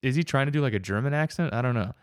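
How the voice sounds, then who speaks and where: A man's voice: medium pitch, expressive, racing, dry recording, clean studio sound. A young man in casual film chat, thinking aloud hesitantly with many fillers.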